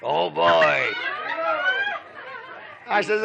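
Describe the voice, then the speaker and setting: A man's voice: high voice, huge pitch swings, slow pace, vocal fry, pauses often. An older man at a party telling a rambling, humorous story in a folksy way, recorded on a 1960s home tape with chatter behind. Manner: folksy, keeps exclaiming "oh, boy". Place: house party after a wedding.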